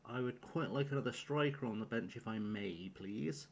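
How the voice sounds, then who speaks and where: A man's voice: mid-range voice, normal speed. Flustered man streaming a game. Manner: rambling, flustered, talks to himself while picking a team. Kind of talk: live-streamed gameplay commentary.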